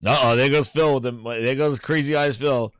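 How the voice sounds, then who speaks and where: A man hosting a casual gaming show, excitable and slangy, often breaking into laughter while he reacts. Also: mid-range voice, moderate pace, background noise. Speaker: host. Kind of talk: casual live-show commentary.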